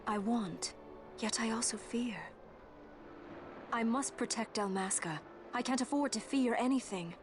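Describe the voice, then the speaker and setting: A proud, determined young princess speaks with resolve, voiced by an actress in a video game cutscene. Her voice sits fairly high. Clear game music plays under her lines. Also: a little slow, pauses often, lightly acted. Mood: resolute.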